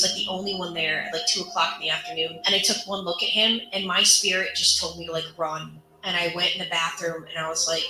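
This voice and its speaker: Woman, earnest emotional storytelling, low-ish voice, echoey room. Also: sharp tone, slight background noise. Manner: earnest, emotional retelling with quoted dialogue. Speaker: survivor telling her story. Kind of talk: personal storytelling.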